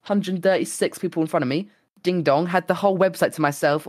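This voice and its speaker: A young man co-hosting a casual chat, animated and swearing, acting out what people said. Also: high voice, fairly quick, no room sound. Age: young adult. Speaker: podcast co-host and streamer.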